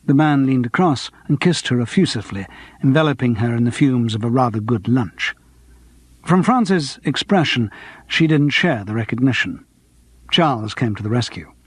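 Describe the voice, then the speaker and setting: A man narrating a cozy mystery audiobook in a measured, dry manner. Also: medium pitch, animated, husky, dry recording. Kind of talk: scripted narration.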